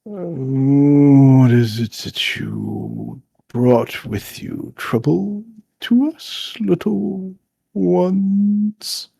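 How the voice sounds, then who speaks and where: A man voicing an ancient, bored male river lord spirit in a tabletop game, speaking in a deep, slow, haughty voice. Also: very animated, creaky, mellow, breathy edge, no room sound, heavily acted. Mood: weary, imperious.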